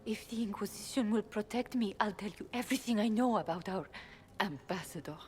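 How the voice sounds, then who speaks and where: A woman's voice: mid-range voice, a little fast, darkish tone, natural voice. A woman playing a shaken, bitter informant. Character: frightened young elven woman informant, bitter. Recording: game audio, reverberant, faint music.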